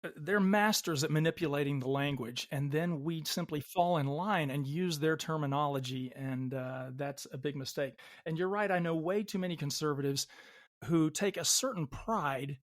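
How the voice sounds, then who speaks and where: Male interview host, measured and agreeable, slightly higher voice.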